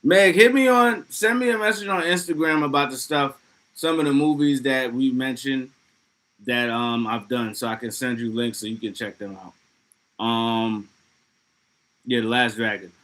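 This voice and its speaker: A man hosting a casual livestream, talking loosely and excitably with plenty of profanity as he reads out chat messages. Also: medium pitch, a little slow, poor audio. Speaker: livestream host.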